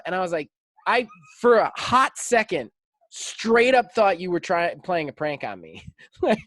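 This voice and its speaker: A man in his thirties hosting a podcast, telling a story in a lively, animated casual chat. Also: high-pitched, unhurried, no echo. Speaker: podcast host.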